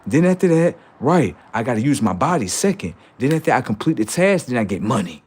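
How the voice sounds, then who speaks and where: A man's voice: medium pitch, big pitch swings, fairly quick, darkish tone, breathy edge. A man voicing a defensive adult male wage worker who insists on his job, in a raised, insistent voice.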